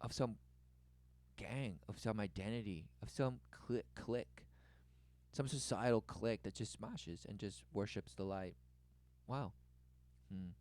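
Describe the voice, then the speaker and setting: A man's voice: lowish voice, measured pace, long pauses, darkish tone, no room sound. A man giving rambling spoken commentary, free-associating and circling back to the same words. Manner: repetitive, free-associating, says "relentlessly" a lot; mimics others in a raised voice when quoting them.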